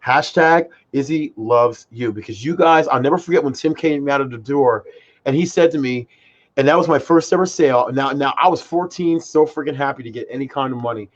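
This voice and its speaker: A man's voice: medium pitch, fairly quick, lo-fi sound. A young man in his twenties, co-hosting and telling rambling stories in casual chat, full of fillers. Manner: excitable storyteller, many fillers like "like" and "freaking". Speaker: podcast co-host.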